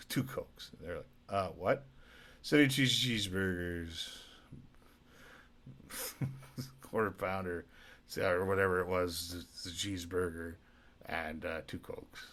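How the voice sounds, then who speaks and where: Rambling drunk man with a gravelly voice. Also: deep voice, a bit bright. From Alberta, Canada. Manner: rambling, profane, laughing asides. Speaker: podcast host.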